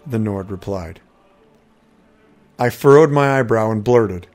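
A man's voice: on the low side, measured pace, long pauses, a little mellow, faint music behind. Man reading a wry fantasy story. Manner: conversational, wry asides. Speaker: narrator.

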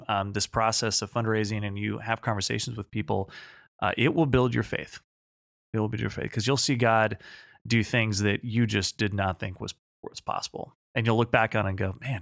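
Gravelly low-voiced male host. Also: a bit bright, no echo, clean studio sound. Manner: affirming, encouraging. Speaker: host and fundraising coach. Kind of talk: podcast conversation.

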